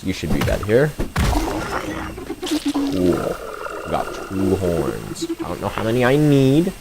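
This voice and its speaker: A male streamer commentates his gameplay live and reacts loudly and excitably, swearing freely. He talks at a very slow, drawn-out pace, but his pitch swings widely. There is faint background noise. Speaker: game streamer.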